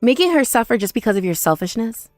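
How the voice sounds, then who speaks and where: A woman's voice: fairly high pitch, sing-song, fast talker, no echo, clean studio sound, faint music behind. A woman narrating a dramatized first-person story in a confrontational, scolding way.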